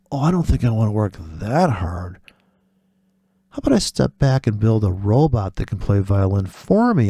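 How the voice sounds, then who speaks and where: Hosting a forex trading video, a man delivers a rambling, sardonic, profane monologue, wandering off on tangents and acting out imagined voices in quotes. His voice sits on the low side, gravelly, mellow and husky, captured in studio quality with no echo.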